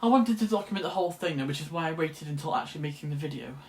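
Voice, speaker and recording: A man's voice: a little high, animated, racing, darkish tone. Chatty young man vlogging. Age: late teens. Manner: chatty, rambling, often restarts and self-corrects. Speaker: student vlogger. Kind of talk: casual vlog chat.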